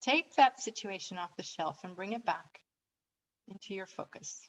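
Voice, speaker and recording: A woman's voice: mid-range voice, moderate pace, poor audio. Woman coach guiding a relaxation exercise. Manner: calm, instructive, leading breathing and stretching.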